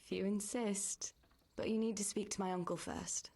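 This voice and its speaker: A young village woman from a story-driven video game, caring yet worn down by grief. Her voice sits at an ordinary middle pitch, soft and soothing, and often drops to a near hush as she speaks. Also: fairly even intonation, moderate pace, vocal fry. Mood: practical. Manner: gentle and soothing, often hushed. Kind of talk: game voice acting.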